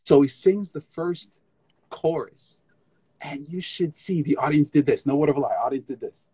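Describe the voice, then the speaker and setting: A man as guest in a casual live interview, an animated storyteller who scats rhythms and restarts often, on a phone stream. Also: on the high side, moderate pace, breathy edge, dry recording. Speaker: guest tap dancer.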